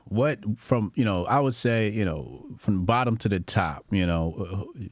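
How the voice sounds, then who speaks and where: A man interviewing a guest, asking calm, steady questions in casual conversation. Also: fairly low pitch, a little slow, no room sound, clean studio sound.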